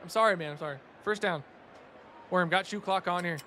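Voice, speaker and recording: A young man giving casual play-by-play commentary on a video game match, excitable on big plays and chatting with his stream viewers. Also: sits high, fairly quick, a little hiss or hum. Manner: excitable, rising loud on big plays, chatty asides to chat.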